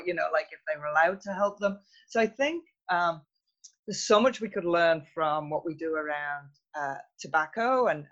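A guest in a podcast interview, speaking in a thoughtful, measured way with frequent fillers. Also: mid-range voice, fairly bright tone, lo-fi sound. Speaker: interview guest, youth health researcher. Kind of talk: conversational interview.

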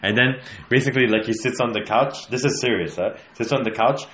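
A man hosting a podcast, telling a story in a rambling, halting way with many pauses. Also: medium pitch, fairly bright tone, reverberant. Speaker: podcast host. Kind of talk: casual podcast chat.

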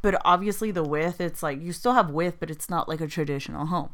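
A young woman co-hosting a casual podcast in a bubbly, playful way, quick to laugh and full of "like.". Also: sits low, steady tone, a bit bright. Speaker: podcast co-host.

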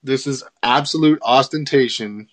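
A man hosts a relaxed livestream chat, talking fast and animated and laughing readily. His voice sits at an ordinary middle pitch. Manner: animated, quick, laughs often. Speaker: host.

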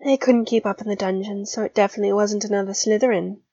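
A woman's voice: medium pitch, fairly even intonation, fast talker, warm tone, lo-fi sound, natural voice. A woman reading a wry, shaky young schoolgirl. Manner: shaky, understated. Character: wry, tired young schoolgirl hiding hurt.

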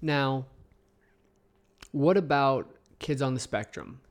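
A man's voice: mid-range voice, slow. A man co-hosting a casual podcast chat, talking bluntly with lots of swearing and mock threats. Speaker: podcast co-host.

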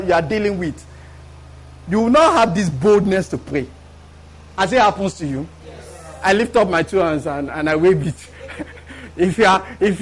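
High-voiced male preacher, call-and-response. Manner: preaches with call-and-response, often asking the congregation if they follow; repeats words for emphasis. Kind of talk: live sermon. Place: church before a congregation.

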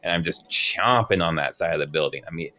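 A man running an improvised role-play game on a podcast, goofy and quick to laugh. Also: low-pitched, sharp tone. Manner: goofy, laughs often, acts out monsters. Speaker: game master and podcast host. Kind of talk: improvised tabletop storytelling podcast.

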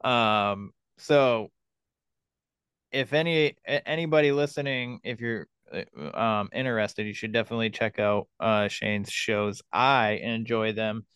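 A man hosting a podcast in casual conversation, speaking haltingly with many ums and restarts into a studio mic. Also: fairly low pitch, fairly bright tone, clean tone, dry recording. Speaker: podcast host.

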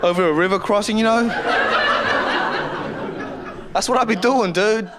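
A man's voice: high voice, measured pace, heavy background noise. A man from Australia, a comic who rambles and laughs through his talk. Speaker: stand-up comedian.

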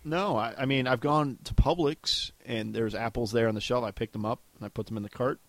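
A man's voice: medium pitch, a little fast, dry recording. A man co-hosting a casual podcast, telling stories with put-on voices and joking around. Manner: animated, puts on voices when telling stories. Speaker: podcast co-host. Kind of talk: casual chat. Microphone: headset.

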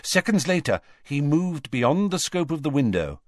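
A man reading an audiobook aloud in an expressive, varied way. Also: on the high side, moderate pace, no echo, studio quality. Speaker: audiobook reader. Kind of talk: audiobook narration.

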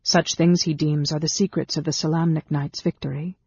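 A man giving a steady, measured audiobook reading of a fantasy novel. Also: a little high, breathy edge. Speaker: audiobook narrator. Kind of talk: scripted narration. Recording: dull, dry studio sound.

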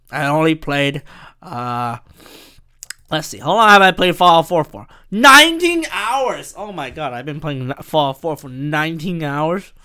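A man hosting a rambling solo podcast, animated and profane, who often bursts into shouting. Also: a little high, clean tone. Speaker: podcast host and stand-up comic.

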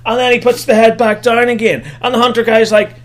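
A man recapping a movie comedically, animated and sarcastic, swearing heavily. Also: extremely high pitch, brisk.

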